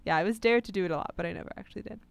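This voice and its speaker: A young woman co-hosting a casual chat, relaxed and self-deprecating, laughing often. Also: medium pitch, rapid-fire, creaky, no echo.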